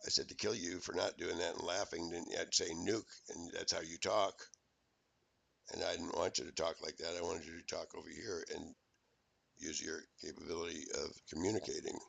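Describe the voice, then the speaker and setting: A man's voice: deep voice, level tone, a little fast, creaky, a bit bright, dry recording. A man in a rambling, profane, accusatory recorded rant.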